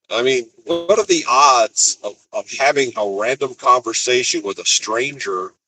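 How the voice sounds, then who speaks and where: A man's voice: medium pitch, sharp tone, a little hiss or hum, rough recording. A man from Colorado who drives a truck, telling rambling stories in a chatty, casual vlog and laughing easily. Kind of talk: casual storytelling.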